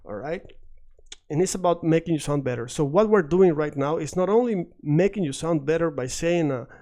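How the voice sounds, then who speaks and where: A middle-aged man whose first language is Spanish, teaching an online lesson in a chatty, energetic way and repeating phrases for drilling. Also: on the high side, normal speed.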